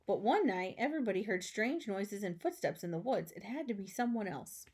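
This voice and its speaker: A woman teacher reading a children's storybook aloud, expressive with chatty asides. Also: mid-range voice, brisk, hardly any pauses, slightly rough.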